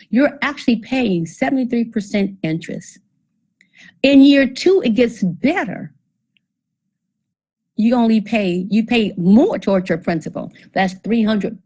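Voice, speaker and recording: A woman's voice: mid-range voice, darkish tone, low-quality recording. A woman giving a seminar presentation on debt, working through figures step by step, asking the audience questions and putting a dry sarcastic edge on some of her points. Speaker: financial presenter.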